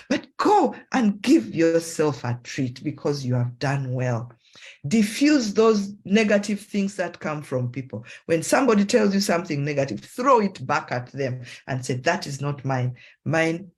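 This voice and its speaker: A woman psychologist with a Ugandan English accent giving a motivational talk, acting out self-talk in a raised voice. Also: slightly rough. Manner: animated, acts out self-talk in a high voice.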